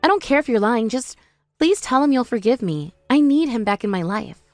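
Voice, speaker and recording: A woman's voice: a little high, expressive, a little fast, dry recording, faint music behind, lightly acted. A woman voicing a desperate, remorseful young wife who begs for forgiveness in a scripted drama. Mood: pleading. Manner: pleading, apologetic.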